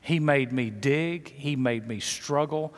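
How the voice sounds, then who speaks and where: A man's voice: medium pitch, takes it slowly, long reverb tail. A man pastor preaching a sermon with an emphatic, repetitive cadence.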